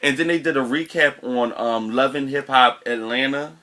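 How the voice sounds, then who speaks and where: A young man co-hosting a casual reality TV recap, gossiping in an animated, exclaiming way. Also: medium pitch, moderate pace. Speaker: co-host.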